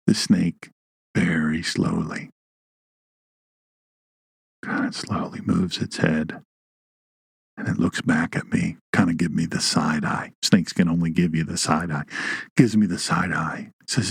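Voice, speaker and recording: A man hosting a Bible teaching show. He tells stories in an animated way, and his voice jumps high for emphasis. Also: normal speed, vocal fry, pauses often, breathy edge, dry recording, clean studio sound.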